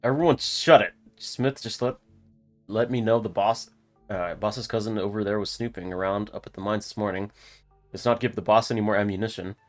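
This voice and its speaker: A man's voice: lowish voice, steady tone, fairly quick, soft background music, natural voice. A man voicing a tense male miner who takes charge, speaking sharply and commandingly. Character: tense, bossy male miner leading a meeting.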